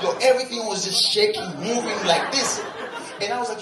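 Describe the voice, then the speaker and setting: A young man from Tanzania doing stand-up, telling a story in an animated way, acting out quotes and often laughing as he talks. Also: high-pitched, normal speed. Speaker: stand-up comedian. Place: large venue with live audience. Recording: echoey live venue, distant mic, loud crowd and noise.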